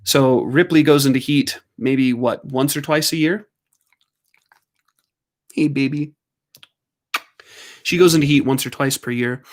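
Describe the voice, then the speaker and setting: A man hosting a livestream, telling a casual story at home in an animated way, laughing and doing squeaky voices for his dogs. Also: normal speed, few pauses. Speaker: livestream host.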